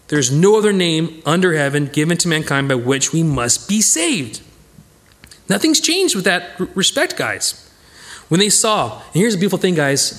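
Animated high-voiced male Bible teacher. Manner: animated, emphatic, talks to listeners as "guys". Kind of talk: informal Bible study teaching.

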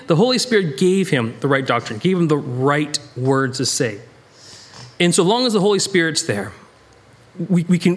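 An American man leads a Bible study in a casual, conversational way, rambling and cutting himself off with frequent restarts. He's animated, and his pitch jumps suddenly whenever he wants to emphasize something.

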